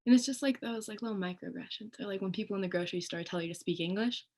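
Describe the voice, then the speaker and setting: Speaking very fast in a mid-range voice, a young adult woman shares a personal story as a student panel guest. Her talk is casual and animated, and she performs other people's voices in quotes.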